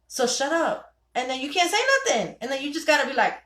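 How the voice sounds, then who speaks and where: A young woman hosting a ladies' night call, giving animated, preachy advice and quoting her husband in voices. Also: high voice, very fast, roomy sound. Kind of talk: casual talk to listeners.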